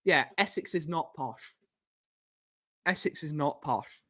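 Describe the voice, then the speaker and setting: A young man hosts a casual live stream, his voice bright and forward. He rambles from one thought to the next and answers viewers by name as their comments come in. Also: a little high, takes it slowly. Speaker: livestream host reading chat.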